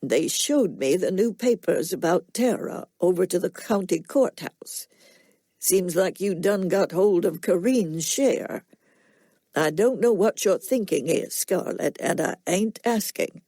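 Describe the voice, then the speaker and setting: A woman reading an audiobook, voicing a soft-spoken middle-aged Southern farmer with a slow nasal drawl and a plainspoken, quietly stern manner. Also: on the low side, lively intonation, breathy edge, dry recording, exaggerated voice.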